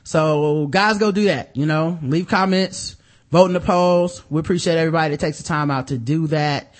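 A man hosting a podcast, chatting casually, reading a sponsor spot and plugging his site with loose, joking asides. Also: a little high. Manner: loose, joking, shifts between fast asides and drawn-out hype. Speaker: podcast host.

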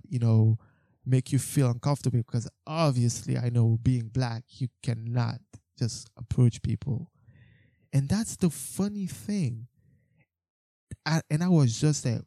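A man's voice: mid-range voice, dark tone, dry recording, clean studio sound. A young man telling a story about his street photography in a casual, rambling way, with lots of fillers, restarts and some swearing. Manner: swears when exasperated.

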